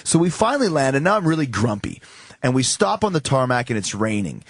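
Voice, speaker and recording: A man's voice: mid-range voice, sing-song, a little fast, dry recording. A man in his forties, a wrestler guest on a radio talk show, telling profane anecdotes casually and acting out the other voices. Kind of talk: casual storytelling.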